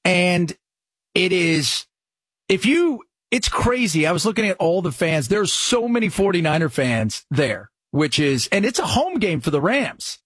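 A man hosting a radio talk show, talking sports in an excitable, animated way. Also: high-pitched, unhurried, slightly rough, no echo.

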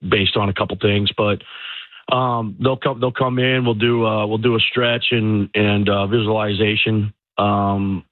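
A man, a high school football head coach, talking in a relaxed way with lots of fillers during a phone-in interview. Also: measured pace, no room sound. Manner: relaxed, many fillers like "you know" and "um". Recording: tinny phone line.

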